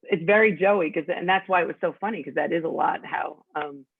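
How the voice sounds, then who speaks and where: A woman's voice: deep voice, fairly quick, creaky, slightly rough, dry recording. A woman from New York with a New York accent, a guest talking in a chatty, straightforward way in a casual interview. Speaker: podcast guest. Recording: tinny phone-like line.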